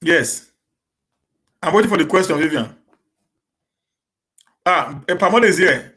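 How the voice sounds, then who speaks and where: A man's voice: fairly high pitch, expressive, bright, forceful tone. Stammering Nigerian man hosting a live Q&A. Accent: Nigerian, with Pidgin English. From Edo State, Nigeria. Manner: stammers, repeating words and restarting; talks fast on purpose to avoid getting stuck. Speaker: live-stream host answering viewers. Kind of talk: casual live-stream Q&A.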